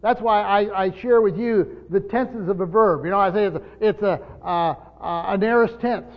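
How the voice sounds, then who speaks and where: A pastor teaching a congregation in a church, speaking emphatically and firing off rhetorical questions. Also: male voice, high-pitched, moderate pace. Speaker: pastor teaching Bible study. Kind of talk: teaching sermon. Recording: dull lo-fi recording with long hall reverb.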